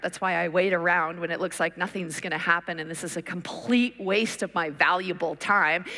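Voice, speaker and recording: A woman's voice: mid-range voice, bright, forceful tone. A woman preacher telling a story in a conference sermon, acting out the people she talks about. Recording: long reverb of a big hall.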